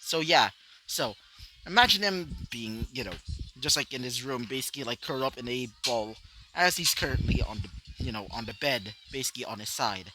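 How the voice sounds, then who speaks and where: A man's voice: medium pitch, lively intonation, brisk, background noise. A man narrating his own fan story off the cuff, rambling with many fillers. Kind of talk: improvised fanfiction storytelling.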